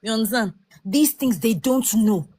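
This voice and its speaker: A woman speaks as a guest in a casual discussion. Her voice sits somewhat high, and she presses her points with emphasis. The recording is dry and close, with no room sound. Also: lively intonation, normal speed, mellow, slightly rough, dry recording.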